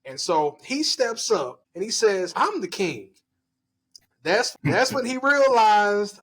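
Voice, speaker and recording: High-voiced man hyping an anime scene. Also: a little slow, husky, rough recording. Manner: excited storytelling, voice climbing when hyped. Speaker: podcast co-host. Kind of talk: casual chat.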